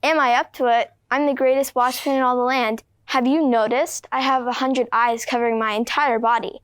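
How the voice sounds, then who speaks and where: A bragging, bumbling male watchman with a hundred eyes, as a woman puts him on for a student class play. The voice is smooth and resonant and sits a little high. It is recorded dry. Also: steady tone, moderate pace, a bit bright, no room sound. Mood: boastful. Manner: boastful, bumbling.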